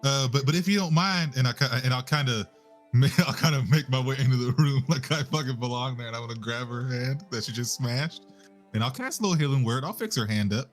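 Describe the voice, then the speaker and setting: A man's voice: mid-range voice, brisk, soft background music. Laid-back male player, stammers and repeats himself, casual swearing. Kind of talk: casual tabletop play.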